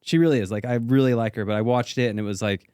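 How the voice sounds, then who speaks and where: Smooth-voiced joking man co-host. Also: medium pitch, steady tone, darkish tone, no echo, studio quality. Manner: joking, quick comebacks. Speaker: podcast co-host. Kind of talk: casual chat.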